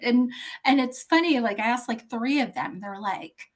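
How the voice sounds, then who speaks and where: A woman's voice: on the high side, moderate pace, rough recording. Reflective woman in her fifties, chatty. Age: 50s. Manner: reflective, chatty, drops to near-whisper for secrets. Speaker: podcast guest. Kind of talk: candid personal interview.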